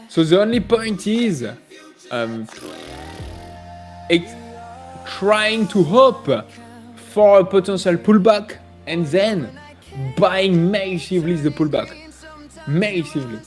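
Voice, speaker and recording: A man's voice: sits high, darkish tone. Joking French man hosting a live stream. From France. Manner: joking, rambling, greets chat viewers by name. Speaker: livestream trading host. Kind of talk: casual live-stream chat.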